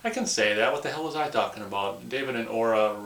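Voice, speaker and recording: A man's voice: mid-range voice, fast talker, a bit bright, slight background noise. Male film reviewer, rambling casual recap, echoey room. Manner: rambling, loose, peppered with "or whatever". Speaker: movie reviewer.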